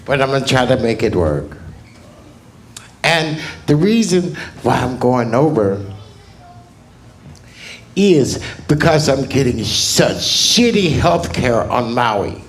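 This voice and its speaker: A male stand-up comedian telling crude stories in a slow, laid-back way on a club stage. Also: medium pitch, sing-song.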